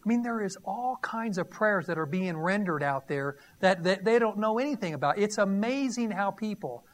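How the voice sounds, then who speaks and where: A man's voice: high voice, animated, moderate pace. A man preaching a sermon in a conversational way, reading scripture and asking the audience questions with a teasing, emphatic delivery. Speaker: pastor.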